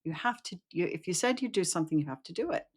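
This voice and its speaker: A woman's voice: fairly low pitch, expressive, fast, slightly rough, voice pushed up. A woman voicing a stern but fair king and father in a told fairy tale, firm and instructive.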